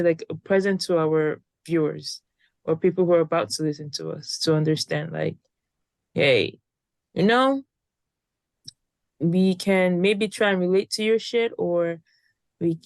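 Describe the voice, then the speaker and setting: A woman's voice: fairly low pitch, darkish tone, dry recording. A young woman in her twenties co-hosting a casual podcast, a little tired and rambling, with frequent restarts. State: tired, yawning. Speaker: podcast co-host.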